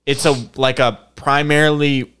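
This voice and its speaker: A man's voice: fairly high pitch, little pitch movement, normal speed, fairly bright tone, a little hiss or hum. A young man with a Michigan accent, co-hosting a casual podcast. He talks bluntly, swears casually, and rambles with hesitant ums. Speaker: podcast co-host.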